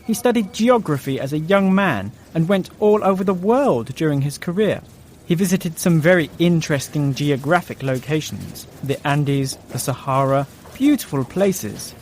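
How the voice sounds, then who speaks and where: Calm man recorded with faint ambience. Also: fairly high pitch, moderate pace, a little hiss or hum. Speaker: photographer interviewee. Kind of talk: recorded talk clip.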